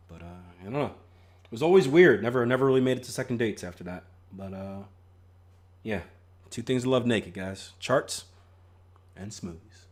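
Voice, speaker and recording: A young man hosting a live trading stream in casual chat, joking, laughing at his own jokes and reading viewer comments aloud. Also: deep voice. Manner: frequent restarts and filler ums. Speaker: trading livestream host.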